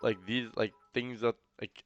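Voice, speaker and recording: A man's voice: medium pitch, level tone, a little slow, dull audio, music in the background. A man streaming a casual reaction, rambling and incredulous, with a slight lisp. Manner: rambling, incredulous, full of fillers.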